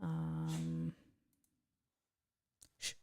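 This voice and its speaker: A woman live streamer giving a casual tutorial on streaming software, chatting as she clicks and greeting viewers by name. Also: sits low, monotone, extremely slow, vocal fry, dry recording, clean studio sound.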